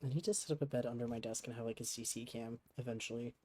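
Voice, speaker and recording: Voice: medium pitch, fairly even intonation, quick pace, a little mellow. A streamer chatting casually at a home desk, talking dotingly to a cat on their lap. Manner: doting, chatty talk to a pet. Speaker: game streamer. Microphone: desk microphone with webcam.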